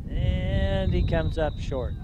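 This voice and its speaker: Brief: man announcer, high voice, wind noise in mics, dry jokes. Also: slow, highs cut off. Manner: jokey, dry banter between plays. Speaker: play-by-play announcer. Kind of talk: local sports commentary. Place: outdoors at a high school football game. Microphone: wind-blown broadcast mic.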